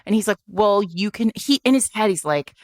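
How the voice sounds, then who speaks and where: A woman's voice: mid-range voice, fairly quick, dry recording, clean studio sound. A woman co-hosting a podcast, retelling a romance plot in casual chat, swearing freely and acting out the characters' lines. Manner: animated, swearing, acts out quoted characters. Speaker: podcast co-host.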